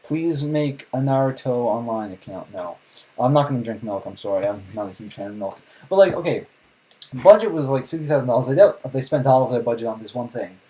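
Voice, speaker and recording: A man's voice: medium pitch, mellow, poor audio. A man streaming a live reaction, talking casually with sarcastic, rambling remarks and frequent restarts.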